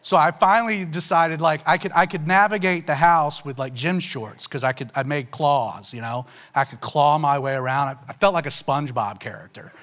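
Casual, animated man telling his story. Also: moderate pace, few pauses. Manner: casual and conversational, with frequent fillers like "you know" and "man"; animated, rising sharply in pitch on emotional punchlines. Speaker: speaker giving a personal testimony. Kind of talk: storytelling testimony to an audience.

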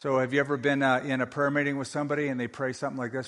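A man preaching a sermon as pastor, lively and humorous, acting out other people's prayers to make his points. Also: medium pitch, fast. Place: church sanctuary. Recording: long reverb of a large hall.

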